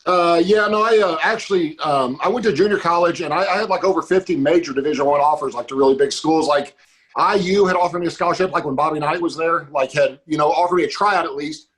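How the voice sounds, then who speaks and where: A middle-aged podcast guest who rambles quickly, packing his sentences with "like." His voice sits a bit high. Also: a bit bright. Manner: rambling, lots of "like". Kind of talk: casual podcast chat.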